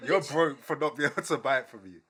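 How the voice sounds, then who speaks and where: A man's voice: a little high, fast, pushed and bright, breathy edge. A young man, hosting a casual podcast chat, laid-back, laughing often and repeating himself. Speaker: podcast host.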